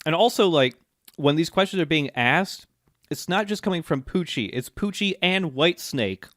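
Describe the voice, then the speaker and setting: A man's voice: a little high, expressive, normal speed, a bit bright, no echo, clean studio sound. A man co-hosting a podcast, retelling anime scenes in casual chat, laughing often and leaning on fillers. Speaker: podcast co-host.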